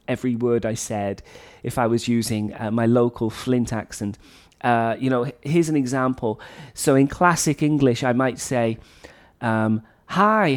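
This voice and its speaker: A man's voice: mid-range voice, darkish tone. A middle-aged man from North Wales, a teacher, talking earnestly through a blog post and repeating his key points for emphasis. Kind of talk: educational talk reading and commenting on a blog post.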